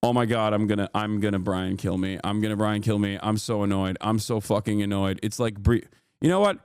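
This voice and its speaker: A man in his thirties, hosting a livestream, speaks on the low side and fairly quickly, his tone darkish and clean in a dry recording. He rants in a heated, profane, filler-laden way during casual stream chat, using a studio mic through a mixer.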